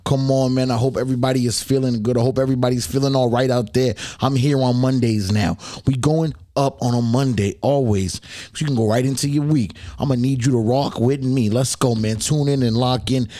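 A man's voice: medium pitch, fairly even intonation, fairly quick, dark tone, dry recording, clean studio sound. A man hosting his own podcast in loose, slangy casual talk, speaking straight to his listeners, his voice slightly worn. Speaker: podcast host.

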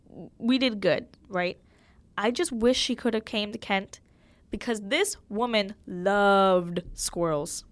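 A young woman hosts a podcast, speaking candidly and emotionally in a casual chat packed with fillers. Her voice is mid-range and the recording is dry.

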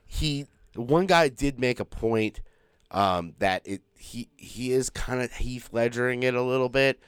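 A man's voice: medium pitch, measured pace, clear, resonant tone, no room sound, studio quality. A man co-hosting a podcast, chatting casually, rambling with restarts and swearing freely. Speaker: podcast co-host. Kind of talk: casual chat.

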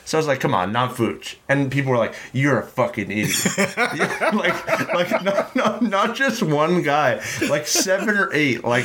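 A man's voice: medium pitch, fairly bright tone. Wry rambling male podcast co-host. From Canada. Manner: wry, rambling storyteller with filler likes. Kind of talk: casual sports podcast banter.

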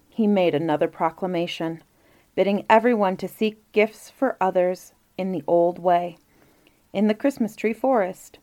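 A woman reading a fairy tale aloud as storyteller, calm and measured. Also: mid-range voice.

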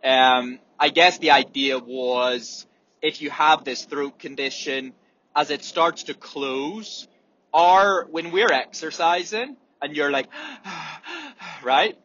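A runner talks straight to camera in a casual, sweary monologue, now and then acting out gasps and wheezes. His voice sits a little high and sounds bright and forceful. The recording is slightly dull, with faint room ambience underneath. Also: slow pace, slight background noise. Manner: candid, swears freely, demonstrates breathing sounds.

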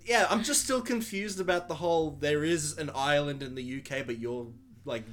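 A man's voice: a little high, moderate pace, fairly bright tone. A man in casual podcast chat who asks dry, puzzled questions.

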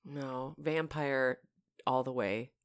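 A low-pitched woman talks raunchy and playful in a casual podcast chat. The sound is dry and close. She jokes and teases her co-host. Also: slow, dry recording. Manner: crude, laughing, playful banter. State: married.

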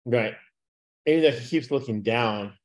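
A man hosting a sports betting podcast, talking casually and loosely, with lots of "uh" fillers and quick laughs. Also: mid-range voice. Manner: rambling, frequent "uh" fillers, laughs at own jokes. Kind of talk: casual chat with picks.

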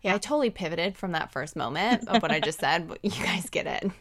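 Her fairly low voice is animated and a little fast as this young woman co-hosts a podcast. The talk is casual and rambling, heavy on fillers, and she laughs often.

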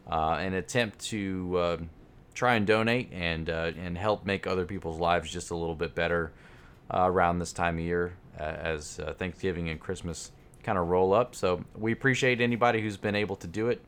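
A man co-hosting a podcast, speaking earnestly in a halting way with lots of fillers. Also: low voice, fairly even intonation, fairly bright tone, clear, resonant tone. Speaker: podcast co-host. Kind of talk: casual chat.

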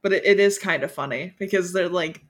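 A woman guest on a podcast in relaxed, casual chat, often agreeing with short replies. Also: fairly low pitch, brisk. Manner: relaxed, agreeable, lots of backchannel.

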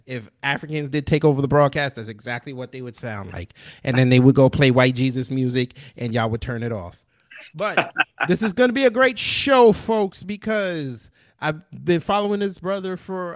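A man's voice: fairly high pitch, moderate pace, no room sound, clean studio sound. A man hosting a podcast, brash and joking, with slangy casual banter. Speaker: podcast host.

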